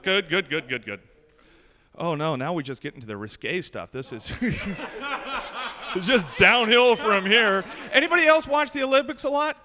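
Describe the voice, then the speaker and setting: A man's voice: sits high, big pitch swings, normal speed, big-room sound, crowd noise. A man in his thirties doing a stand-up comedy set on a club stage, delivering punchy jokes into a handheld mic. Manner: brash, punchy joke delivery.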